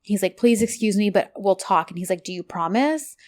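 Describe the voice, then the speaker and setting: A woman's voice: medium pitch, expressive, brisk, darkish tone. A woman co-hosting a casual chat, animatedly retelling scenes and acting out the characters' lines. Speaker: podcast co-host recapping a TV drama.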